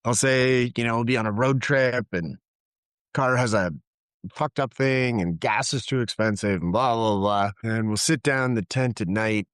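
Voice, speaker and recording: A middle-aged man telling candid personal stories in a relaxed conversational way, reflective and animated when he quotes people. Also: mid-range voice, normal speed, clean tone, dry recording, clean studio sound. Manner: reflective, acts out quoted dialogue with laughs. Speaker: podcast guest, therapist.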